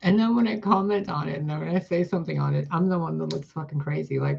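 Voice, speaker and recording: A woman's voice: low voice, steady tone, fast talker, gravelly, husky, dull audio. A woman vlogging in a casual, profane, exasperated rant into a phone mic.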